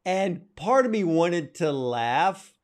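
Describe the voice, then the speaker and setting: A man's voice: high-pitched, very animated, slow. A man hosting an interview, asking questions and praising the film with enthusiasm. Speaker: interview host.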